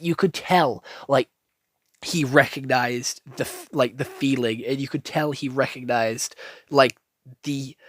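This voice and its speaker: A man's voice: mid-range voice, no echo, clean studio sound. A man giving a casual, rambling anime review, gushing and swearing freely with lots of restarts. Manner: gushing, profane, rambling with many likes and restarts.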